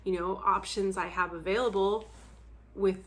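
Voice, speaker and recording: A woman's voice: medium pitch, steady tone, normal speed, fairly bright tone. A young adult woman talking bluntly and candidly to camera in a casual vlog chat, laughing often and swearing freely. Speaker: book vlogger.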